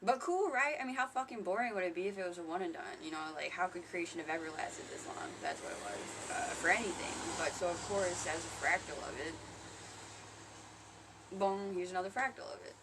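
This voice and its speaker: A woman talking casually to camera in a rambling, profane monologue about spirituality, often laughing and getting loud when she quotes others. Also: fairly low pitch, lively intonation, brisk, far from the mic, noisy background. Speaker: spiritual vlogger.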